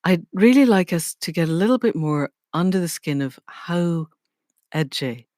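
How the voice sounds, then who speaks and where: A woman's voice: fairly low pitch, expressive, unhurried, darkish tone, dry recording, studio quality. A woman hosting a podcast, introducing her guest and asking questions with effusive enthusiasm. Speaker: podcast host.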